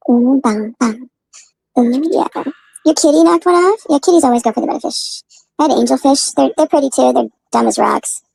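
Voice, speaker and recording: A woman's voice: high voice, a little fast, creaky, darkish tone, husky, dry recording, low-quality recording. A woman chatting casually in a clip, rambling and laughing between phrases. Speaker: woman in a clip being reacted to. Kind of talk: casual chat.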